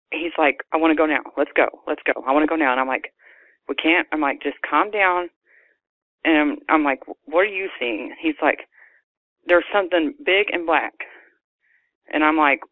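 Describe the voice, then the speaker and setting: A woman's voice: sits low, no room sound. A woman calling in, telling a personal story in a rambling way, full of restarts and quoting herself. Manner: rambling, many restarts and self-quotes. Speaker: caller telling an encounter. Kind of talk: personal story on a phone call. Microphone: telephone. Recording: tinny phone line.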